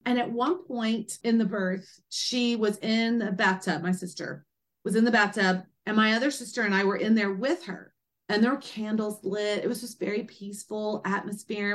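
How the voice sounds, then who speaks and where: A woman guest, an author and doula, telling a personal story with animated energy and acting out quoted speech. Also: mid-range voice. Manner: lively, acts out quoted speech in a raised voice.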